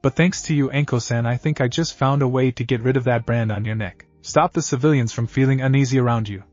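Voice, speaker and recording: A man's voice: mid-range voice, fast talker, a little mellow, dry recording, dull audio, soft background music, natural voice. A man reading the lines of a brooding, bitter boy ninja in a plain read-aloud manner. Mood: weary.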